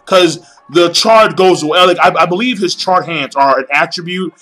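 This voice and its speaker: Hyped male reviewer, slightly high and forceful voice, swears freely, loops on fillers, faint music under him. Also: moderate pace. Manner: excitable, profane, rambling with many fillers and repeats. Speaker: anime reviewer. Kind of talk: excited casual review.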